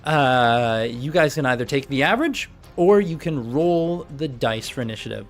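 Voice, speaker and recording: A man's voice: mid-range voice, animated, moderate pace. A young man narrating as game master on a voice call, rambling with many fillers and restarts.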